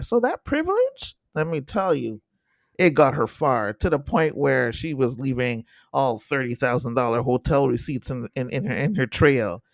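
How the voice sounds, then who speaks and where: A man co-hosting a podcast in casual chat, animated and repeating himself as he talks in bursts. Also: mid-range voice, moderate pace, dry recording, studio quality. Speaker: podcast co-host.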